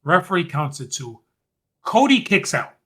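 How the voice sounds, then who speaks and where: Male podcast host, bright, slightly high voice, animated recap. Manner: animated, fast-running recap. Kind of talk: casual chat recapping wrestling.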